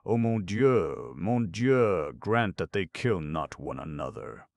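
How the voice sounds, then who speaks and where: A man's voice: very deep voice, lively intonation, a little slow, gravelly, no echo, full character voice. A man reading an audiobook, voicing a frightened young noblewoman who pleads for her father's life in a raised, urgent voice. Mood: pleading.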